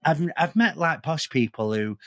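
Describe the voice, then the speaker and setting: A man with a Manchester accent, co-hosting a podcast and telling animated, sweary stories in casual chat. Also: a little high, moderate pace, no echo, clean studio sound. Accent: Manchester English. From Northern England. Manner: animated storyteller who swears freely. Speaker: podcast co-host.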